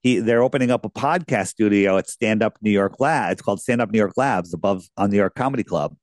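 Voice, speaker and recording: A man's voice: fairly low pitch, quick pace, no echo, clean studio sound. A man being interviewed as a guest, telling casual, rambling anecdotes with lots of restarts.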